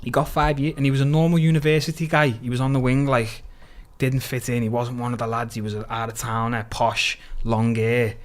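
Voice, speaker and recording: A young man with a thick Liverpool accent tells a long story to podcast hosts. His talk is animated and sweary, full of local slang, and he moves at an ordinary speaking pace in a middle pitch. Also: fairly quick, hardly any pauses. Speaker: podcast guest. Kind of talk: casual storytelling chat.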